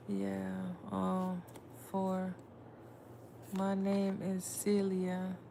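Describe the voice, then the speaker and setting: A woman's voice: mid-range voice, vocal fry, dark tone, a little hiss or hum. A woman tarot reader chatting casually with viewers on a livestream, blunt and swearing freely. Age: adult with a son.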